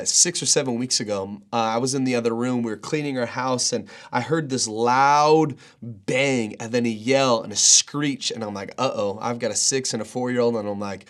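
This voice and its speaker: A man in his thirties, a pastor, giving an earnest, conversational daily devotional with frequent fillers. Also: medium pitch.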